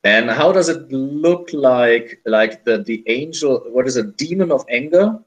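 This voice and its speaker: A man's voice: medium pitch, animated, measured pace, muffled recording. A man running a tabletop game as game master, speaking hesitantly with many fillers and restarts.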